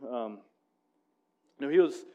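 A man preaching a sermon in a conversational, storytelling way, with frequent restarts, dropping low and rising on key points. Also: lively intonation, unhurried. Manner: drops to a hushed voice when telling the story; rises and presses louder on the main points. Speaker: pastor.

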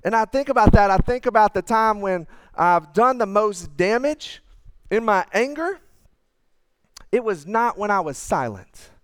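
A man, preaching a sermon in a conversational, earnest way, sometimes dropping to quiet asides. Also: high voice, expressive, measured pace, clean tone, no room sound, studio quality. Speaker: pastor.

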